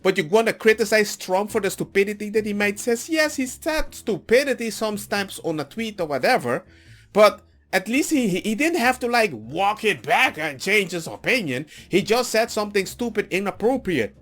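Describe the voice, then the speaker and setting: A man giving a rambling, animated political rant with mocking asides. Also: sits high, moderate pace, faint music behind. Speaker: political commentator. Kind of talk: ranting commentary.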